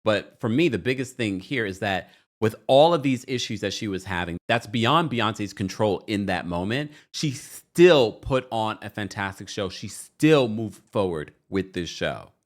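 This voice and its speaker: A man's voice: lowish voice, animated, unhurried. A man hosting a pop culture news channel, talking through entertainment stories with emphatic commentary.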